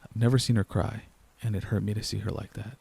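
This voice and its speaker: A young man reading a first-person horror story aloud in a low-key, steady storyteller's way. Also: quick pace, vocal fry, slightly rough. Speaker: narrator. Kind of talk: scripted horror narration.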